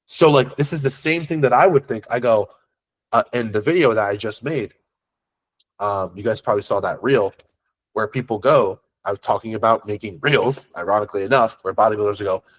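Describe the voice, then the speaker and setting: A man with a husky voice coaches a class on sales. He talks bluntly and swears freely, rambling, restarting his sentences and tossing in quick questions to the listener. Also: fairly low pitch. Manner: blunt, profane, conversational. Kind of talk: unscripted masterclass talk.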